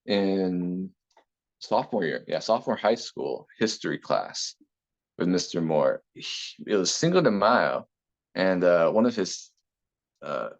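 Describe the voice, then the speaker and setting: A young man in an interview, telling a school story casually, with fillers and the odd laugh. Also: lowish voice. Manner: animated anecdote with fillers and laughs. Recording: dull lo-fi audio.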